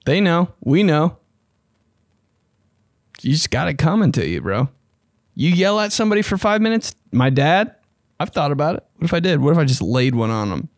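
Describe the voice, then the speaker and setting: A young man hosting a casual podcast, talking loosely and profanely and jumping about in pitch. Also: normal speed, long pauses, no echo, studio quality. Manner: loose, profane and animated, with sudden jumps in pitch. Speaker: podcast host. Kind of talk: casual solo podcast chat.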